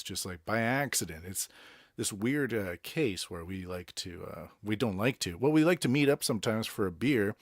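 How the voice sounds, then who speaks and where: A man's voice: lowish voice, no echo. Boston guy rambling on his podcast, lots of uhs, dead dry sound. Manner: rambling, chatty, with many uh fillers and self-corrections. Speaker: podcast host. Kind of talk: casual solo podcast chat introducing songs. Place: Tokyo.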